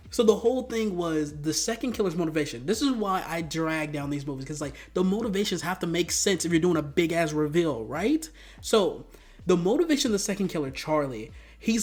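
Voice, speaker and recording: A man with a slightly high voice reviews movies in a casual rant, swearing a lot, rambling, and erupting into sudden loud outbursts.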